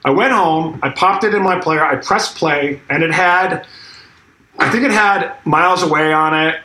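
A man's voice: fairly high pitch, normal speed, sharp tone. A middle-aged man, a drummer, casually telling a story in an interview, acting out quotes and swearing freely. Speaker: guest drummer. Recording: echoey room with faint noise.

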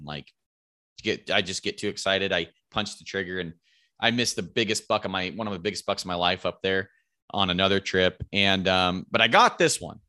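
A man's voice: lowish voice, pushed and bright, no echo, studio quality. A man, likely in his thirties, casually telling a rambling, profane hunting story and raising his voice to quote his friends.

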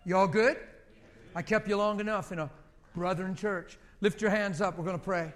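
A middle-aged man preaching to a congregation in a high voice. He talks like a conversation but pushes hard, exhorting and repeating short commands as he leads group prayer. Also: fairly even intonation, normal speed, fairly bright tone. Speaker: pastor. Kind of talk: sermon leading group prayer.

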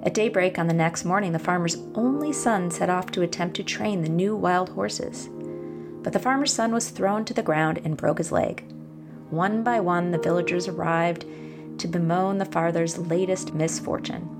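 A woman podcast host speaking gently and encouragingly, reflecting and telling a fable, sometimes dropping to a whisper. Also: fairly low pitch, moderate pace. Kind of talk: reflective monologue with storytelling. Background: background music.

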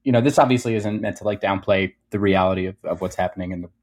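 A man's voice: low-pitched, fast. A man with a South Jersey Philadelphia accent, chatting as a podcast guest in a rambling way full of fillers. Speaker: guest musician. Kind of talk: casual podcast chat.

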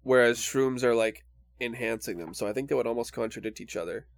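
A man's voice: medium pitch, a little fast, creaky. A man in casual podcast chat with friends, laid-back and peppering his talk with "bro".

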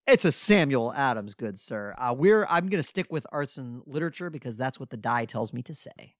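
A man chatting through a trivia game with a friend, easygoing and self-mocking, a couple of beers in. His voice sits at an average pitch and comes across dry and close, with little room sound. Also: animated, normal speed, dry recording. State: drinking beer. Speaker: podcast co-host playing trivia. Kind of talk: casual chat.

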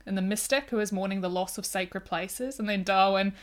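Woman, podcast co-host, casual film chat, animated, emphatic retelling, mid pitch. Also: brisk.

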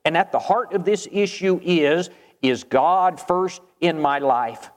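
Male preacher, emphatic and earnest, slightly high voice, echoing church sound. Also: takes it slowly. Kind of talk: sermon.

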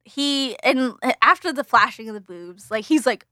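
Bright high-voiced woman recapping a film. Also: lively intonation, moderate pace, hardly any pauses, dry recording, studio quality. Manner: rambling, filler-heavy, laughs often. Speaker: podcast co-host. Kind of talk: casual chat recapping a film.

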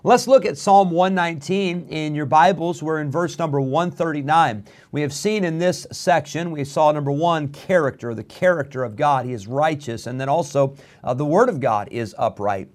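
A middle-aged male pastor delivers a radio sermon in a fairly high voice. He preaches earnestly, leaning on "uh" between thoughts. At times he builds to fervent emphasis. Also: normal speed, hardly any pauses, darkish tone.

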